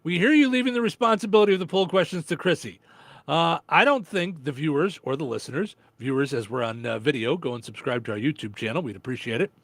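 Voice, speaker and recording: Midwestern male radio host, high voice, loose chatty delivery with many fillers. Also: fast talker, dry recording. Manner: relaxed, chatty, lots of fillers. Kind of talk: casual radio chat.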